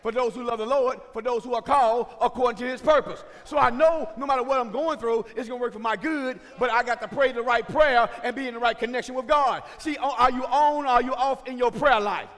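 A man's voice: very high voice, fairly quick, few pauses. Man, pastor, sermon, impassioned then conversational, reverberant church hall. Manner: impassioned preaching that swings from shouts to conversational asides. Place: church sanctuary.

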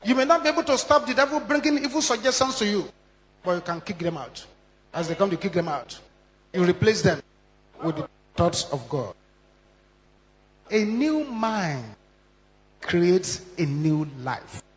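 A man preaching a sermon, emphatic and repetitive, with sharp rises and drops in his delivery. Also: high voice, lively intonation, fairly quick. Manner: emphatic, repeating lines with strong rises and drops. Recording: long hall reverb.

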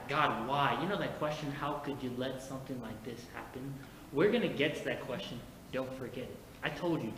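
A man preaching a sermon as pastor, moving from quiet personal storytelling to emphatic preaching. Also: medium pitch. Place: church sanctuary. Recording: echoey church hall with faint noise.

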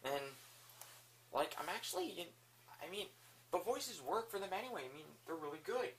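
A man's voice: sits high, big pitch swings, moderate pace, fairly bright tone, a little hiss or hum. A man giving a casual spoken review, enthusiastic and rambling, with lots of fillers. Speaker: video reviewer.

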